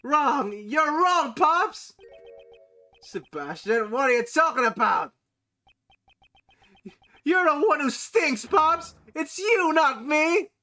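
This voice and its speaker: A man voicing an excitable, insecure young male prosecutor from a game, loud, boastful and whiny. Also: very high-pitched, takes it slowly, long pauses, faint music behind, exaggerated voice. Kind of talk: reading game dialogue aloud.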